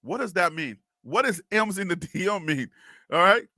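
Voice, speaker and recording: Guy hosting a live stream, high voice, dry close sound, laughs a lot, repeats himself. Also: normal speed, no echo. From North Carolina, US South. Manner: animated, laughs often, repeats words, talks to chat. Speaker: live-stream sports show host. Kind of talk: casual live-stream chat.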